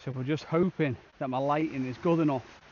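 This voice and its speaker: Upbeat guy vlogging his fishing trip on the beach, slightly higher voice, dullish outdoor audio. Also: fairly even intonation, fairly quick, darkish tone, dull audio, a little hiss or hum. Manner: chatty, upbeat, talks to the camera. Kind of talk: casual outdoor vlog narration.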